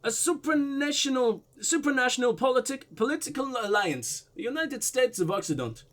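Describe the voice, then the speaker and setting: A man voicing a smooth, evasive foreign diplomat in a mock Russian-German accent, with a suave, pompous manner. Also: very high voice, expressive, moderate pace, a bit bright, voice pushed up. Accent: mock Russian-German blend.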